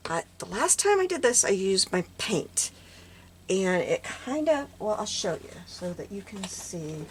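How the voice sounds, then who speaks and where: A woman losing her voice, musing aloud and often dropping to a murmur while she walks through a craft project at home. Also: mid-range voice. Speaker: craft vlogger. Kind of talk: casual crafting walkthrough. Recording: clear background noise.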